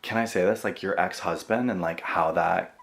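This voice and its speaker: A man hosting his channel in a casual chat, excitable and swearing, laughing at himself. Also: sits low, moderate pace, creaky, a crowd in the background. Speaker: host. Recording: echoey room.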